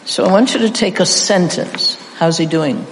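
In an echoey hall with faint ambience, a middle-aged preacher with a high voice talks at a normal pace. He playfully has his congregation repeat lines back in call-and-response, and the recording is very noisy.

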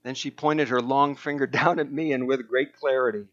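A man's voice: medium pitch, fairly even intonation, normal speed, a bit bright. A man preaching a sermon who reads aloud earnestly and emphatically, with fillers and restarts. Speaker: pastor. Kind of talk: sermon with reading aloud from a book. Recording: dull lo-fi recording.

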